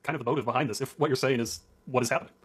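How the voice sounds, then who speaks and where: A man's voice: medium pitch, fairly even intonation, rapid-fire. A man interviewing someone, asking brief, probing questions.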